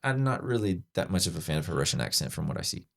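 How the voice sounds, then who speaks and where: A man's voice: low voice, sing-song, quick pace, creaky. A man hosting a podcast, chatting enthusiastically with lots of fillers and restarts. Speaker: podcast host. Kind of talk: casual chat breaking down a trailer.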